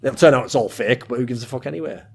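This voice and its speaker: A British man hosts a loose podcast conversation, teasing his guests and rambling with plenty of swearing. His voice sits at an ordinary middle pitch. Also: rapid-fire, vocal fry, husky. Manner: teasing, profane, rambling banter. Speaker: podcast host. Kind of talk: casual podcast chat.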